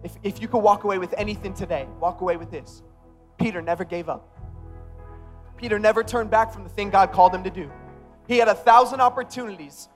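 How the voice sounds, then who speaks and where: High-voiced, emphatic male pastor. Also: a little fast, faint music behind. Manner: casual, emphatic, building to loud passion. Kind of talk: sermon.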